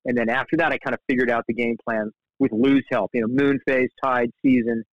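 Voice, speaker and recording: A middle-aged man spins a casual, rambling story, jumping in pitch whenever he quotes someone. His voice sits at an ordinary middle pitch, recorded dry and close with a slightly muffled, dull tone. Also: brisk, no room sound. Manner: animated, restarts often, quotes people in lively voices. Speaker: guest, shark fly fisherman.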